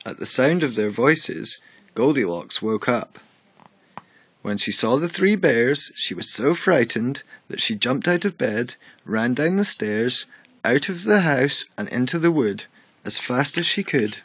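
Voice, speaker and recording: A man narrating a bedtime story in a measured, expressive storybook reading. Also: mid-range voice, husky, no echo, highs cut off.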